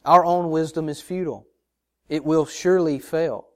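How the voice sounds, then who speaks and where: Higher-voiced man preaching a sermon. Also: fairly even intonation, normal speed, darkish tone. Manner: earnest preaching with repeated rhetorical questions to the congregation; addresses listeners as brothers and sisters. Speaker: pastor.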